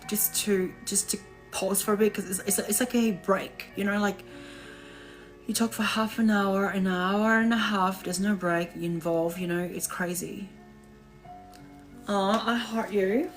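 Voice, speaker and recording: A weary woman talks slowly to her live-stream viewers in a mid-pitched voice, stopping now and then to catch her breath. She thanks them in a soft, drawn-out way. Faint music plays behind her computer mic. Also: steady tone, poor audio. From Australia. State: tired, resting her voice. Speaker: livestream host. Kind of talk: casual live-stream chat.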